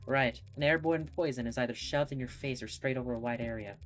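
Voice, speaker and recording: A woman voicing a gruff, cynical male detective who talks in a curt, sarcastic way, reading game dialogue. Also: extremely low pitch, fairly quick, rough recording. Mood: matter-of-fact. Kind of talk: game dialogue read aloud.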